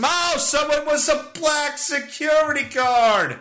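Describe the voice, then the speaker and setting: Dude swearing and riffing on his own podcast, sharp bright voice. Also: very high-pitched, slow. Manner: profane, sarcastic, rambling commentary. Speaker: podcast host. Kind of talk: casual comedic monologue.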